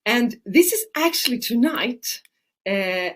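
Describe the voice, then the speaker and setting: A middle-aged Swedish woman, a native speaker and Ayurvedic practitioner, hosts a casual webinar, chatting with plenty of fillers. Her voice is a little high and fairly bright, with lively intonation, and she speaks slowly.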